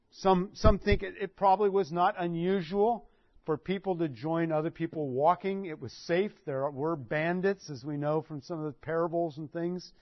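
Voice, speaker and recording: A man's voice: on the high side, dry recording. A man preaching a sermon, telling the story with animation and acting out what people said. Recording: dull dry recording.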